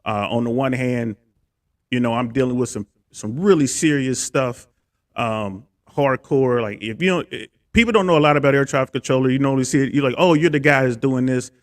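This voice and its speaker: A man's voice: mid-range voice, a little fast, dry recording. A man in his fifties from Ohio talks as a guest on a stream. His voice sits in a middle register, recorded close and dry with no room sound. He tells his story loosely, with fillers and restarts. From Cincinnati, Ohio, USA. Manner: relaxed, rambling, with fillers and restarts. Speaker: guest, stand-up comedian and content creator. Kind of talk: casual interview storytelling.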